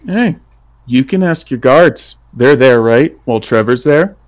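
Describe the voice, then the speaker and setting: A man's voice: medium pitch, a little slow. Rambling, laughing male game player. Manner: relaxed, rambling, laughs often. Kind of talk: tabletop role-play.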